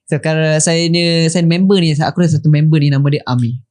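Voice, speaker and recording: Higher-voiced Singaporean man hosting. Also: rapid-fire, darkish tone. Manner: steers the talk, mixes Malay and English. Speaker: podcast host. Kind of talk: casual chat.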